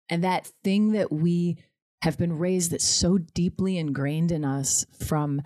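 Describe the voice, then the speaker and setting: A woman with a low, deep-set voice talks casually on a podcast, laughing easily and acting out her own inner voice. The sound is close and dry, with no room around it. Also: a little slow, warm tone, no room sound. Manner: chatty, laughs often, acts out her own thoughts in quotes.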